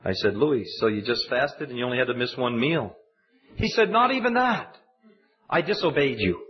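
A man preaching a sermon, telling a personal story and building to high, emphatic exhortation. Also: expressive, brisk. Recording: dull lo-fi recording.

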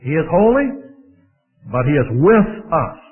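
A man preaching a sermon, slow and emphatic, repeating phrases for stress. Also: a little high, sing-song, phone-quality sound.

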